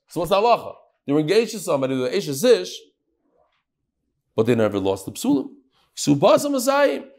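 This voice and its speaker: In a fairly high voice, a man leads a lively daily Talmud class. He quizzes his students and sprinkles Hebrew and Aramaic terms throughout his English.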